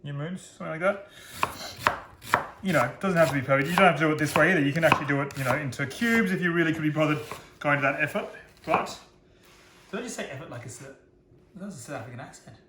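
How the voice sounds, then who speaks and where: A man's voice: on the high side, racing, echoey room, heavy background noise. A man giving a casual cooking demonstration, chatty and self-deprecating, joking about his own slips.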